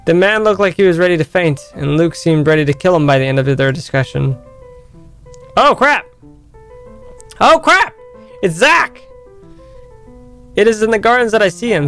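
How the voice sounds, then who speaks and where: Male streamer, slightly high voice; reads game narration and chats with viewers over faint music. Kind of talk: game playthrough, reading story aloud and chatting.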